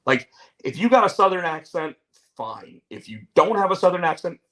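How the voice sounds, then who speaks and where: A man's voice: high voice, sing-song, moderate pace, bright, forceful tone. A man hosting a casual talk show, telling things in a rambling way and often restarting his sentences. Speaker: show host. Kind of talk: casual chat.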